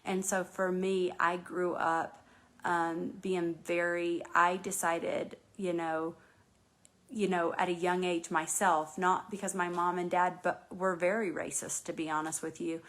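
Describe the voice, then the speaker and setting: A woman's voice: fairly low pitch, little pitch movement, a little slow, a bit bright. A woman from North Carolina hosting a casual live chat, talking earnestly and rambling with many restarts and fillers. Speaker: host.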